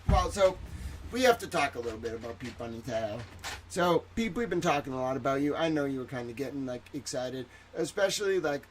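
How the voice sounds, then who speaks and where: Guy rambling on his livestream, jokey, middle pitch, gets loud then goes quiet. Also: slight background noise. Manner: rambling, jokey, swings between loud and soft. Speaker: livestream host. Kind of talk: casual livestream chat.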